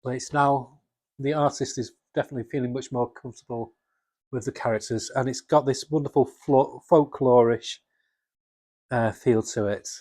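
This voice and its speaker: Husky, enthusiastic man, dry sound. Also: mid-range voice, steady tone, moderate pace, darkish tone, dry recording. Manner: enthusiastic, rambling with restarts. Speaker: comics vlogger. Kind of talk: casual chat.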